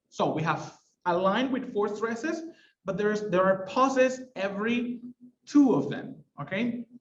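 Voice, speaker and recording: A man teaching a literature lesson, explaining things step by step and sometimes reading verse slowly with heavy stresses. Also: sits high, a bit bright, echoey room, highs cut off.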